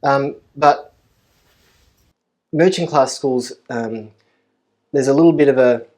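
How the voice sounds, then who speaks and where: A man giving a conference lecture at a university, thoughtful and measured, often pausing with ums and repeating key phrases for emphasis. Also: medium pitch, darkish tone. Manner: thoughtful, with frequent ums and uhs.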